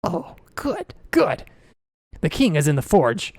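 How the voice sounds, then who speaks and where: A man's voice: a little high, expressive, slow, warm tone, no room sound, clean studio sound. A man voicing a nervous male duergar dwarf guard who stammers and hesitates. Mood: hushed.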